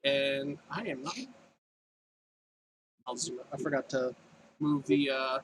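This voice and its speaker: A man's voice: medium pitch, steady tone, slow, a little hiss or hum, poor audio. A man narrating as dungeon master, calling out attacks and damage while he thinks aloud. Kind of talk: narrating a tabletop game.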